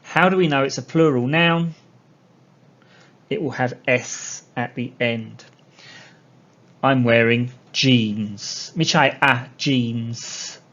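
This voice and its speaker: A man teaching an English lesson to young learners, explaining slowly and repeating key words. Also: medium pitch, fairly bright tone. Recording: dull lo-fi sound.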